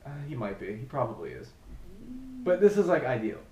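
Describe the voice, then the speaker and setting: Loud, laughing man in an echoey room. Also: medium pitch, fairly quick. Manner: laughing, animated, swings loud and soft. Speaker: podcast co-host. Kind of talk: casual chat.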